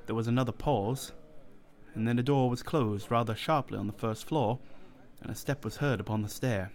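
Male storyteller for classic fiction. Steady, deliberate audiobook narration, middle pitch. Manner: measured, deliberate reading.

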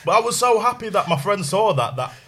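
A man's voice: sits high, sing-song, quick pace, over a noisy crowd. A young man in casual chat who laughs often and speaks expressively.

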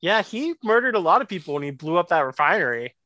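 A man gives blunt opinions in a casual movie chat. His voice is fairly high and bright with a sharp edge, and it sounds dry, with no room around it. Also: very animated, fast, no echo.

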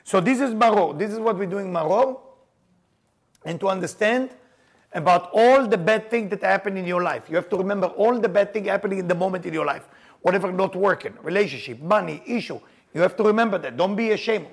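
A man teaches a group about the Passover seder, his voice gravelly and husky. He pitches it fairly high and tells stories with jokes and sudden bursts of emphasis. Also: a little fast. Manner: animated storyteller, laughs and jokes, shouts for emphasis. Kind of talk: lively teaching talk to a group.

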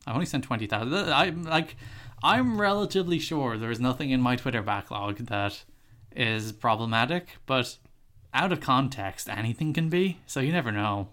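A man's voice: mid-range voice, expressive, normal speed, fairly bright tone. Teasing man co-hosting a podcast. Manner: teasing, interrupts often. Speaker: podcast co-host. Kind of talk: casual podcast chat.

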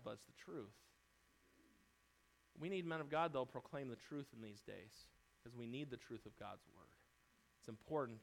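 A male pastor preaching a fervent, emphatic sermon in church, swinging between loud declarations and quieter asides. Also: mid-range voice.

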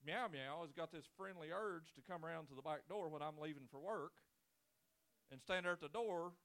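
A man's voice: on the high side, normal speed, a bit bright. A man in his forties, a pastor preaching a sermon with folksy, joking storytelling and casual grammar. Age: 40s.

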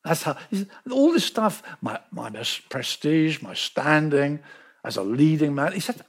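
A man preaching a sermon, telling the story with lively emphasis and repeating words to drive points home. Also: fairly high pitch, unhurried, breathy edge. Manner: animated storytelling, acting out quoted voices.

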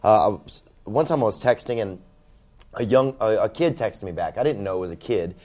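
A man's voice: on the low side, lively intonation, brisk, mellow. A man hosting a casual comedy podcast chat, crude and joking, acting out angry voices.

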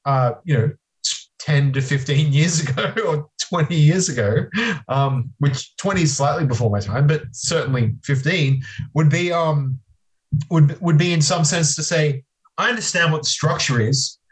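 A man's voice: fairly high pitch, poor audio. A man on a podcast, hedging and restarting as he talks through an abstract idea. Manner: halting, hedging, with many restarts while theorizing. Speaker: podcast guest. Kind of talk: casual podcast chat.

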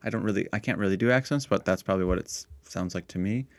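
A middle-aged man co-hosting a parish podcast in relaxed casual chat, laughing easily and restarting his sentences. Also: low voice, fast talker, no echo.

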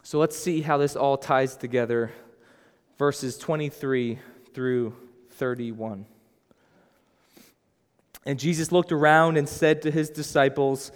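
A man preaching a sermon as pastor, earnest, moving between hushed and emphatic delivery. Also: mid-range voice, slow, smooth. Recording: long hall reverb.

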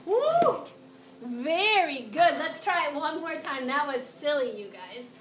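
A high-pitched woman speaks a little slowly with lively intonation, crowd noise audible around her. Teaching yoga to children in a classroom or studio, she's playful and encouraging, using sing-song animal cues over background music in an echoey space.

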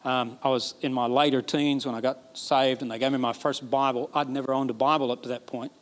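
A man from Alabama, preaching a sermon emphatically, repeating phrases and building to excited peaks. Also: mid-range voice, fairly quick. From Alabama, USA. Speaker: pastor.

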